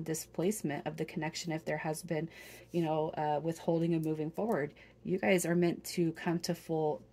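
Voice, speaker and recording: A woman's voice: deep voice, darkish tone, breathy edge. A woman giving a spoken tarot reading to her viewers, earnest and emotional, rambling with many restarts. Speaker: tarot reader.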